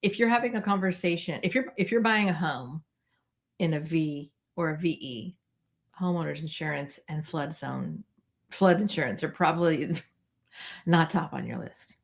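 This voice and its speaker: A woman in her fifties co-hosting a casual real estate chat, chatty and animated, laughing often. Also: low voice, moderate pace, creaky. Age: 50s. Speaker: realtor podcast co-host.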